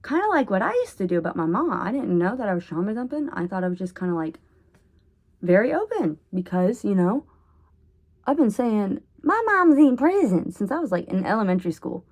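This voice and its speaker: A woman rambling in a casual vlog monologue at home, oversharing and jumping between topics with sudden loud bursts. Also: medium pitch, big pitch swings, fairly quick. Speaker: vlogger.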